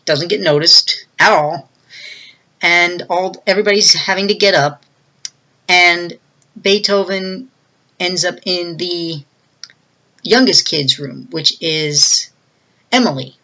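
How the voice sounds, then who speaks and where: A bright, crisp voice telling a film's story from start to finish in a loose, chatty way. The reviewer rambles with plenty of fillers and slips into livelier, higher tones to act out what the characters say. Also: slow, long pauses. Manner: retells scenes, acting out quoted lines in a raised voice. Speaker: movie reviewer. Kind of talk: casual plot recap.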